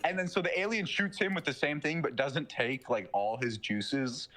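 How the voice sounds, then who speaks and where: A young man in casual podcast chat, retelling a movie plot with slangy, profane excitement and quick mocking character voices. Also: on the high side. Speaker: podcast co-host.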